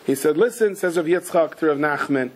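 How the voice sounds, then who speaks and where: A man giving a Torah class as a sermon, telling stories animatedly, acting out voices with sudden high shouts, and mixing Hebrew and Yiddish terms into his English. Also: fairly even intonation, a little fast.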